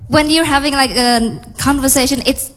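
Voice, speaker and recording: A woman acting as an English tutor, gently explaining what sounds natural, speaking in a reverberant hall with music behind. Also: high-pitched, fairly even intonation, moderate pace, a little hiss or hum. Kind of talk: explaining English usage to an audience.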